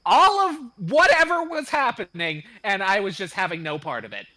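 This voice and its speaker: A player in a tabletop game, telling a story in a lively way. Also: medium pitch, normal speed.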